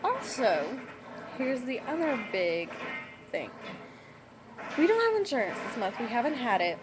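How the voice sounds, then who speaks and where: A woman's voice: on the high side, very animated, a little slow, music in the background, poor audio. A young woman, chatting and rambling to her laptop at home, full of ums. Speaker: vlogger. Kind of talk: casual chat to camera. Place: home room with TV on. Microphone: laptop webcam mic. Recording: home laptop recording with TV noise. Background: television playing.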